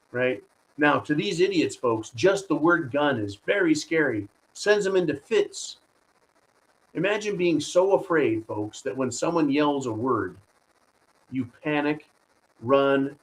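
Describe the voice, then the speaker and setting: A man's voice: on the high side, poor audio. Guy ranting on his livestream show, combative, keeps saying folks and right. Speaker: host of a live stream show. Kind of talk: political commentary livestream.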